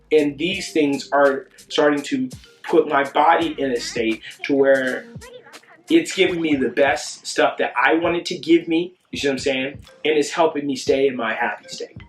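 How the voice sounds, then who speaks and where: Young man, casual self-help vlogger, lively and sing-song, slightly high voice, roomy echo, faint music bed. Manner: animated, sing-song asides and whoops, asks "you see what I'm saying?". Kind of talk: casual motivational monologue.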